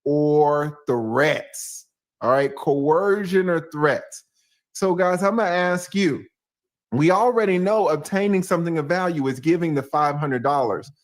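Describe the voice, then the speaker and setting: A man giving casual, animated reaction commentary with laughing, slangy asides. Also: on the high side, measured pace.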